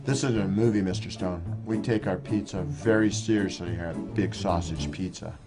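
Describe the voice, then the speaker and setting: An actor playing a stern, deadpan pizza shop manager interviewing a job applicant. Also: male voice, low-pitched, moderate pace, over music. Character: solemn male pizza boss interviewer.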